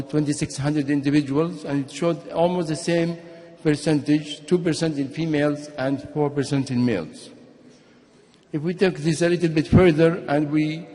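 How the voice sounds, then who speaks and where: A man delivers a medical conference lecture in a fairly high voice. He explains things steadily and now and then restarts a phrase. His voice carries a long echo from the lecture hall. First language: Arabic. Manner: explanatory, steady, sometimes restarts and repeats words. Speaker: physician giving a conference talk.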